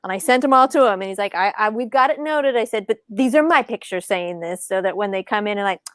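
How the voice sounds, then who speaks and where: Animated storytelling woman, dry sound. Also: quick pace, dry recording. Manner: animated, acts out quoted dialogue in higher voices. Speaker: podcast guest, author and speaker. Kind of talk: casual storytelling.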